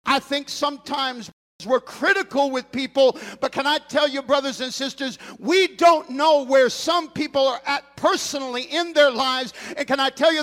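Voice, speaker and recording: A man preaching a sermon in a church, passionate and building to shouted, almost sung lines. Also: very high-pitched. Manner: impassioned preaching, rising to shouts and a sung cadence. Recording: long reverb in a large hall.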